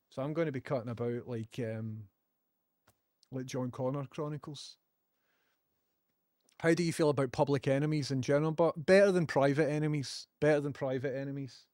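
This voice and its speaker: A man's voice: medium pitch, a little mellow, dry recording, studio quality. A Scottish man chatting casually on a live stream, joking and laughing often.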